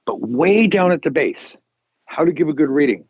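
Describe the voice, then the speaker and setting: A man hosting a casual tarot talk show, rambling and animated, with many restarts. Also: on the high side, normal speed, breathy edge, dry recording, highs cut off. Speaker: tarot podcast host. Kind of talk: casual chat.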